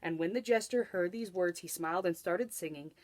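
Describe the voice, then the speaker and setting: A young adult woman teacher reading a rhyming children's storybook aloud, with an expressive, rhythmic delivery. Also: lowish voice, fairly quick.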